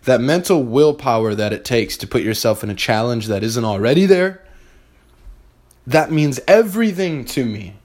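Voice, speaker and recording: A man's voice: mid-range voice, lively intonation, normal speed, darkish tone. A young man hosting a podcast, giving a blunt, profane, fired-up motivational monologue straight to his listeners. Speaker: podcast host.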